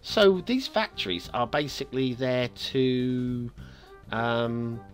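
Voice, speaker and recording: A man's voice: mid-range voice, slow, soft background music. A man hosting a game map review show, talking in a chatty, upbeat way with playful asides.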